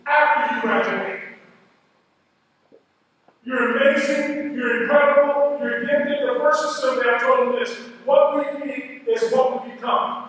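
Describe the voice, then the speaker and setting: Male motivational speaker, rallying and emphatic, very high voice, booming distant hall recording. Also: fairly bright tone. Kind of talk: school assembly speech. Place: large school auditorium or gym. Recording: echoey hall from far off.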